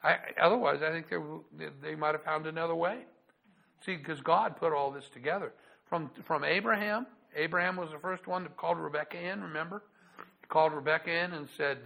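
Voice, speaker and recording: A man's voice: a little high, fairly quick, creaky, pushed and bright, low-quality recording. A male pastor giving a sermon, stopping and repeating words as he talks and reading scripture aloud in a raised voice.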